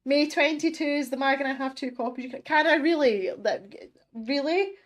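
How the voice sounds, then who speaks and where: Chatty Scottish woman, higher voice. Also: normal speed. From Scotland. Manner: chatty, self-deprecating, laughs often, many restarts. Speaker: art livestream host. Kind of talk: casual livestream chat reading viewer comments. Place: home art studio.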